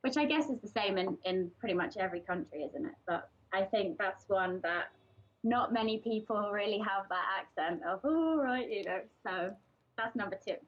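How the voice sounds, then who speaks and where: A woman's voice: medium pitch, normal speed. A young woman from England giving a casual, chatty presentation to a group, hesitating often with ums and restarts. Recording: dull lo-fi recording.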